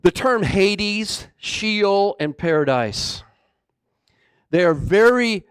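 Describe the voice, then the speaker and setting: A man preaching a sermon, swinging between booming exclamations and hushed, low passages. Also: lively intonation, slow, clean tone, no room sound, studio quality. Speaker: pastor.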